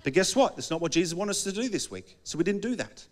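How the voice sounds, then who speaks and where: A man preaching with a slightly higher voice than most men. He talks loosely and conversationally, and he often acts out little back-and-forth dialogues as he goes. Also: sing-song, fast. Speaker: pastor. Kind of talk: sermon.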